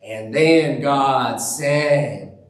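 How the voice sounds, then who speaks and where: A man's voice: medium pitch, very slow. A man doing the voice of a male scripture reader who draws out each word with heavy emphasis. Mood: emphatic. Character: drawling man reading scripture with slow emphasis. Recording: roomy church sound from a distance.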